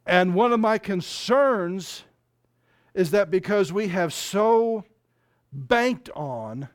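A man preaching a fervent sermon, reading scripture aloud and speaking in quick bursts. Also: high-pitched, expressive. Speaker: pastor.

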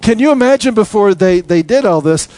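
A man preaching a sermon in an animated way, acting out voices and laughing as he goes. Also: high-pitched, fairly quick, no room sound. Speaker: pastor.

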